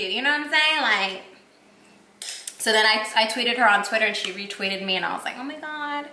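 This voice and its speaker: Young woman beauty vlogger from Puerto Rico, slightly high, rambling and excitable, casual. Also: moderate pace, a little hiss or hum. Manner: gushing, rambling, heavy use of "like". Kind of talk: casual storytelling while doing makeup. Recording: echoey room.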